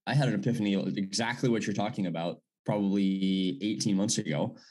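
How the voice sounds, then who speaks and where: A man's voice: lowish voice, brisk, a little mellow. A man who is a pastor, talking casually in a conversation and rambling with many restarts.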